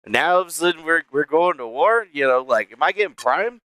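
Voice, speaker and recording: A man hosts a live stream from a small room at home in a somewhat high, bright voice. His tone is crisp and close, with a dry sound. He rambles and swears, with laughter breaking in often. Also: expressive, brisk, no room sound. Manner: rambling, profane, laughs a lot. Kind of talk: casual live-stream chat.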